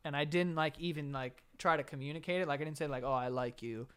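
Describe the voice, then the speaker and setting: A young man with a high, smooth voice rambles through a story for a casual podcast. He trips over his words, restarts often and swears freely. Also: fast, a bit bright. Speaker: podcast co-host.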